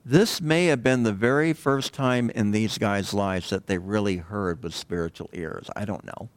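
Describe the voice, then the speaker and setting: A man preaching a sermon in a conversational way, pausing often and asking the congregation rhetorical questions. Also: lowish voice, no echo. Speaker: pastor.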